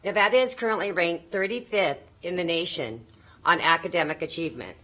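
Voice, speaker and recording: A woman's voice: fairly low pitch, brisk, bright, forceful tone, low-quality recording. Woman, public comment, earnest, pleading, nervous, choked up.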